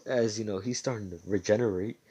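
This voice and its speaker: A man telling a homemade fan story in his own casual way, packed with swearing and "you know"s. His voice sits fairly low. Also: fairly even intonation, a little fast, dark tone, breathy edge. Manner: loose and slangy, full of swearing and fillers.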